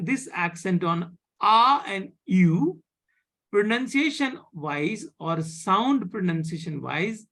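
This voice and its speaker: A French teacher runs a live beginner class over a video call. The voice is a little husky and the delivery slow, with pitch that rises and falls a lot. The teacher patiently repeats points and keeps asking whether the students follow. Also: a bit bright. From India. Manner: patient, repeats and checks understanding.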